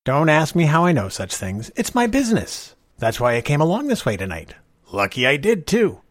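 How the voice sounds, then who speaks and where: A man's voice: on the high side, wildly swooping pitch, normal speed, no room sound, clean studio sound, voice pushed up. A man doing a stout, kindly older stranger. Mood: gently knowing. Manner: easy, gently persuasive, gleeful bursts.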